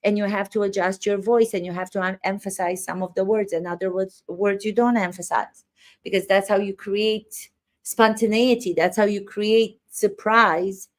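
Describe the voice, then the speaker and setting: Woman, acting teacher, emphatic commentary, mid pitch. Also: fairly even intonation, normal speed. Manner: emphatic, stresses words for effect. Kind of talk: commentary on court footage.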